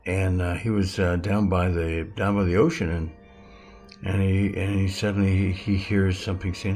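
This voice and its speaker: Brief: seventy-something man, very deep and gravelly, meandering teacher. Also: level tone, darkish tone, soft background music. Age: 70s. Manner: halting, rambling, self-correcting. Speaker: self-styled metaphysics teacher. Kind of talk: casual rambling spiritual lesson.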